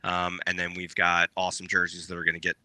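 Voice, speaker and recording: A man chatting as a podcast guest, rambling with many fillers and shout-outs. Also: low voice, completely flat delivery, fast, dry recording. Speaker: podcast guest, paintball player. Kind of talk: casual podcast chat.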